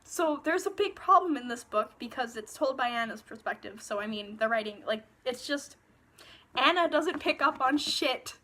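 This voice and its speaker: A woman's voice: high-pitched, lively intonation, normal speed, bright, forceful tone, slight background noise. A young woman reviewing books in a casual, sarcastic rant, swearing freely, recorded on her phone. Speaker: book reviewer.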